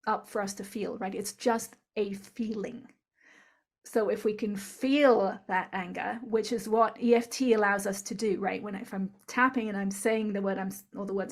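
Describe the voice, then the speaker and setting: A woman with a mid-range voice speaks as an interview guest, earnest and instructive. She explains step by step and keeps tagging her points with "right?". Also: mid-range voice.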